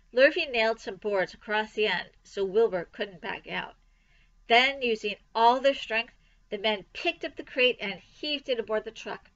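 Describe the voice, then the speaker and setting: A woman reading a children's novel aloud for a library storytime, in an expressive read-aloud manner, on a dull lo-fi recording. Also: on the high side.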